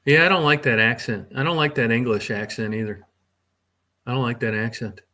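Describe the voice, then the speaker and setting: A man's voice: mid-range voice, a little fast, pushed and bright. Middle-aged male streamer, crude and rambling, swears freely, addresses his chat. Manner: talks to chat viewers by name. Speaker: livestream host. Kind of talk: casual livestream chat.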